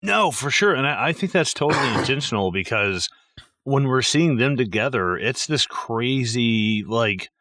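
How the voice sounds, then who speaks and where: A man's voice: mid-range voice, animated, normal speed, bright, forceful tone, dry recording. A man co-hosting a podcast, talking casually and profanely about a film with lots of fillers. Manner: rambling and profane, with many fillers. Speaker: podcast co-host. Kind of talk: casual movie-review chat.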